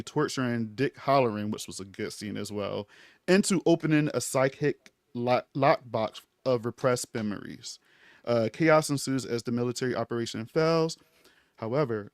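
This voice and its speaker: A man's voice: medium pitch, dry recording. A man co-hosting a laid-back TV review chat. His mid-range voice is easygoing, and his sentences often fade to a mumble. The sound is dry and close. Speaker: podcast co-host.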